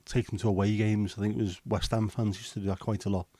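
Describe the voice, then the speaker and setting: A middle-aged man chats casually on a livestream, joking and rambling through viewers' comments. His voice sits a little low and sounds mellow and warm. The sound is close and dry, with no room around it. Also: little pitch movement, fast talker, no echo. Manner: chatty, jokey, rambling with small asides. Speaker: livestream host.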